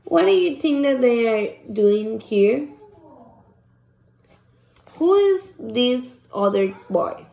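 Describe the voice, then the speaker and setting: A woman teacher, reading a picture book aloud and asking children questions in a slow, patient way. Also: on the high side, sing-song, gravelly, mellow, reverberant. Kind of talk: shared reading lesson for children.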